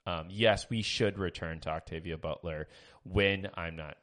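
A man's voice: low-pitched, unhurried, fairly bright tone. A man co-hosting a podcast, chatting casually and hesitantly with many fillers, reading listener reviews aloud. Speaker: podcast co-host. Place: small home studio.

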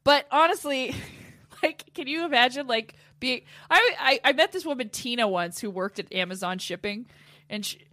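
A woman's voice: high voice, moderate pace, bright, forceful tone, no room sound, studio quality. A woman co-hosting a podcast in casual comedic chat, laughing often, swearing and telling stories with animation. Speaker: podcast co-host.

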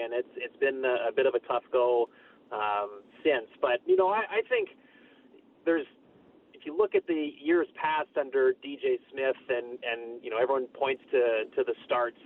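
Man talking hockey over a tinny phone line. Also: mid-range voice. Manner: thoughtful, measured analysis. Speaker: guest, hockey reporter. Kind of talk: phone-in sports talk. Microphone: telephone.

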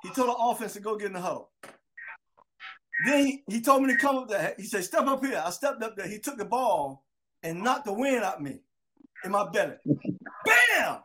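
A man's voice: high-pitched, brisk, long pauses, noisy background. A man in his sixties telling stories about his youth in casual conversation with old friends. He acts out the quotes. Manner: animated storyteller, acts out quotes. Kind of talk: storytelling reunion chat.

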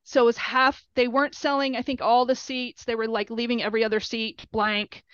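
A middle-aged woman, a player's mother, telling animated stories in an interview and acting out quotes in a shrill high voice. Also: brisk, clear, resonant tone, no echo. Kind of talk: storytelling interview. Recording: dull lo-fi recording.

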